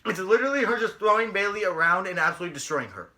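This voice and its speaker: Young guy ranting sarcastically about wrestling, swears constantly, voice jumps all over, super bright. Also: sits high, lively intonation, racing. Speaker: podcast co-host. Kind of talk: casual wrestling review chat.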